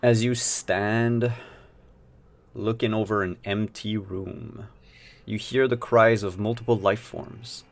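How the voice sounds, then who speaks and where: A man's voice: on the low side, steady tone, takes it slowly. A man narrating as game master of a streamed tabletop game, casual and rambling with fillers.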